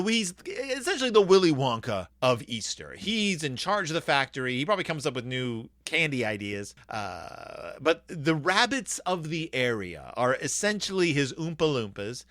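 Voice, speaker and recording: A podcast host who reviews children's books chats casually and enthusiastically about one, rambling and acting out the characters. His slightly high, fairly bright voice is studio quality with no echo.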